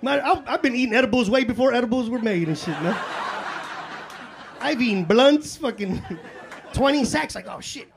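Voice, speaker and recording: A man works a comedy club stage, his voice sitting high for a man. He talks in loose, profane street slang and jumps into little acted-out voices as he tells his stories. The live recording carries clear room noise around the mic. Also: normal speed, pauses often. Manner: acts out his own and others' voices. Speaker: stand-up comedian. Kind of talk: live stand-up storytelling.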